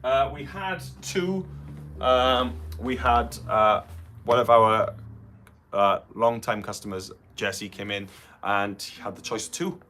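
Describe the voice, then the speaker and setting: A man's voice: mid-range voice, sharp tone, a little hiss or hum. A man with a Welsh accent co-hosting a casual guitar shop livestream, chatty and jokey. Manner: chatty, jokey, quick asides.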